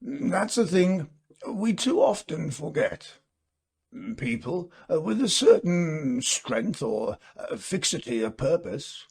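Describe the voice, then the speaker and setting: A musing gentleman , voiced by a male reader, works slowly through his ghost story in a storybook reading, pausing on fillers. His voice is gravelly and a little husky, rising and falling a lot. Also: on the high side, exaggerated voice. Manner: musing, hesitant with many uh fillers. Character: earnest gentleman telling a ghost tale.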